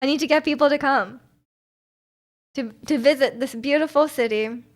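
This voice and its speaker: Reading her chat's comments at normal speed, the Canadian streamer speaks in a high-pitched voice. Her casual talk is bubbly and giggly, and she often restarts what she's saying.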